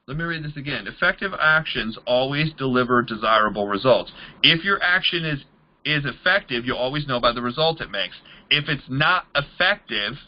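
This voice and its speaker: A man's voice: mid-range voice, muffled recording. A man leading a motivational sales training, talking in an emphatic, repetitive coaching manner. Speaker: MLM trainer.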